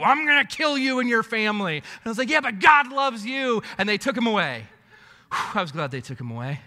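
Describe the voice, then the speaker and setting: A man preaching a sermon as pastor, telling a story with animated swings between loud bursts and hushed asides. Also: sits high. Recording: echoey hall reverb.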